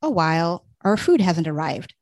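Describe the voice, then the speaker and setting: A woman's voice: fairly low pitch, very animated, moderate pace, darkish tone, no echo, clean studio sound. A woman voicing a sick, anxious young wife who talks hesitantly and falters. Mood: uneasy.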